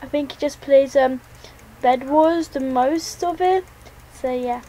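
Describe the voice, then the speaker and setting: A high-pitched woman narrates her game as she plays, jumpy and thinking aloud. She talks slowly and mutters her next moves as they come to her. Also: warm tone, poor audio. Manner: jittery, talks to herself while playing. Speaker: gaming channel host. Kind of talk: let's play commentary.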